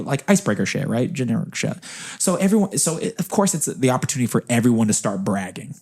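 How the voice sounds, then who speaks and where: A man in his thirties from Seattle hosts a casual podcast, spinning a story in quick, profanity-laced slang. His pitch sits in the ordinary male middle, and the delivery stays loose and animated. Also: creaky, slightly rough. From Seattle, USA. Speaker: podcast host.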